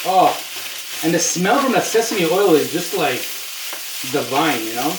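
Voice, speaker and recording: A home cook vlogger chats to the viewer over a sizzling pan in his home kitchen, saying "you know" a lot in casual cooking video talk. His voice is slightly high, very animated and a little slow. He's off-mic at a distance, with roomy kitchen sound and a loud, noisy sizzle of food in the pan.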